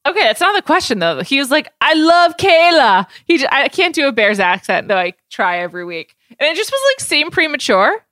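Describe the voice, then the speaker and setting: A woman's voice: sits high, brisk, hardly any pauses, no echo. Chatty woman, dry close sound. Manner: chatty, animated, says "like" often. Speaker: podcast co-host. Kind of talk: casual chat.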